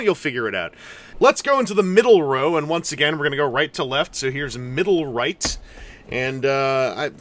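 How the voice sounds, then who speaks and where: A man's voice: medium pitch, fairly bright tone. A man giving casual, rambling commentary while building and unboxing a collectible toy, with jokey asides. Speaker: toy reviewer.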